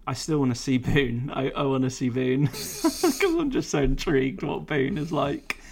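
A man's voice: mid-range voice, lively intonation, normal speed, vocal fry. Sweary, chatty man. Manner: swears freely, laughs often, chatty. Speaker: podcast co-host. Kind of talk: casual chat.

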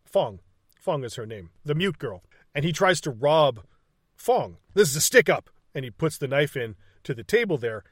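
A man's voice: mid-range voice, big pitch swings, moderate pace, dry recording, studio quality. A man casually recapping a movie scene by scene, swearing freely, laughing often and acting out lines from the film. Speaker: podcast co-host.

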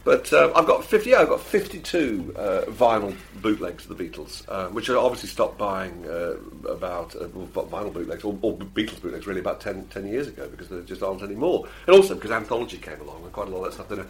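A middle-aged Englishman chats on a podcast, rattling along quickly with fillers, restarts and self-mocking asides. His pitch rises and falls a lot as he talks. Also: lively intonation, a little hiss or hum. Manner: chatty, self-deprecating, full of fillers and restarts. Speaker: podcast co-host. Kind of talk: casual chat.

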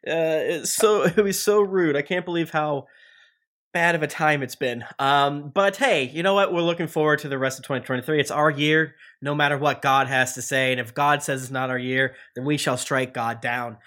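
A man's voice: on the high side, fairly even intonation, a bit bright. Joking man hosting a podcast. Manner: joking, rambling, quick bursts. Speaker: podcast host. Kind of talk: casual podcast chat and ad read.

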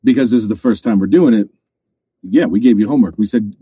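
A man's voice: fairly low pitch, quick pace, warm tone, husky, no room sound. A man in his forties hosting a podcast in casual chat, laid-back and swearing freely. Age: 40s. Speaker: podcast host.

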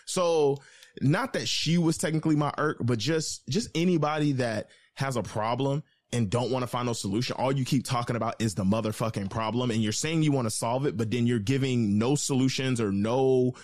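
A man telling a story in casual chat, animated and profane, speaking into an online call mic. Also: mid-range voice, brisk, no echo.

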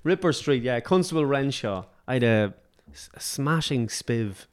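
A man's voice: medium pitch, lively intonation, moderate pace, smooth. A man with an Irish accent, a guest actor on a podcast, chatting casually, swearing freely and laughing often. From Ireland, County Meath.

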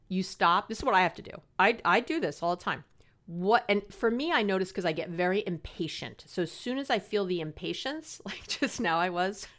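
A woman's voice: mid-range voice, fairly bright tone. Middle-aged woman podcast counselor, mid-range voice, chatty, earnest, self-mocking. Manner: chatty, earnest and passionate, laughs at herself. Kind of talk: casual advice podcast monologue.

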